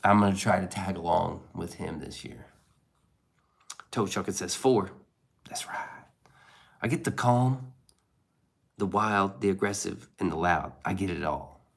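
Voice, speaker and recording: A man's voice: sits low, moderate pace, gravelly. A man streaming casual chat, rambling and swearing as he reads and answers his chat. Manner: rambling, profane, laid-back. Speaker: live streamer reading chat.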